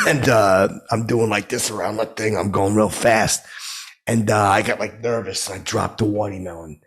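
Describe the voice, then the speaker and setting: A gravelly, husky man with a lowish voice spins a rambling, crude comic story. He sounds boastful and oblivious, bragging about run-ins as a podcast host in character. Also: fairly even intonation, normal speed, a bit bright.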